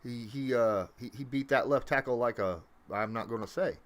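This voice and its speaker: Rambling man hosting a home livestream. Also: normal speed. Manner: rambling, many fillers, animated swings in pitch and volume. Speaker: livestream host. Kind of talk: casual livestream chat.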